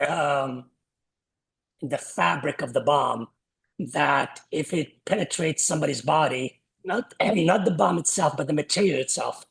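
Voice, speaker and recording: Male host, fairly high voice, gravelly, gentle hesitant questions. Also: unhurried. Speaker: podcast host. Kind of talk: interview questions.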